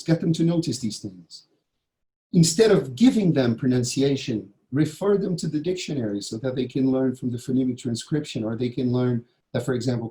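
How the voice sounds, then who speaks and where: A Brazilian man presents to teachers over a video call, his voice mellow and mid-pitched. He speaks with emphasis and keeps checking in with a quick "yeah?". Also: poor audio. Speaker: teacher trainer giving a conference talk. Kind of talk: online conference presentation.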